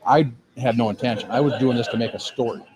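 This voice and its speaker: A middle-aged man who owns a cigar lounge, telling his story in an animated, casual way on a podcast and acting out the dialogue he quotes. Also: mid-range voice, fast, crowd noise, low-quality recording. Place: cigar lounge with people around.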